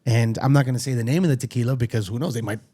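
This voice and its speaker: A man co-hosting a podcast, chatting in a blunt, animated way and swearing freely. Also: medium pitch, rapid-fire, breathy edge. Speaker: podcast co-host. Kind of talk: casual chat. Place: studio.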